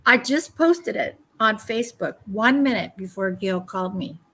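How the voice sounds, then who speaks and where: A woman in her seventies, an elder guest on a live broadcast, sharing personal stories in a gentle, reflective way with frequent pauses and filler sounds. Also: medium pitch, animated, low-quality recording. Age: 70s. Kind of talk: casual personal storytelling.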